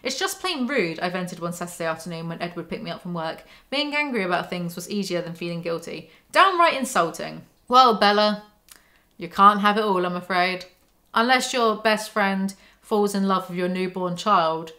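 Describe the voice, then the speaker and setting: A woman's voice: lowish voice, expressive, moderate pace, sharp tone. A woman reading passages from a novel aloud and breaking off into sarcastic, dry running commentary. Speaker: book commentary YouTuber.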